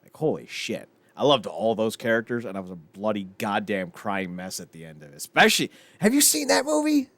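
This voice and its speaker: A man co-hosting a podcast in casual chat, animated and profane, often laughing as he talks. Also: lowish voice, fairly quick, creaky, dry recording. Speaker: podcast co-host.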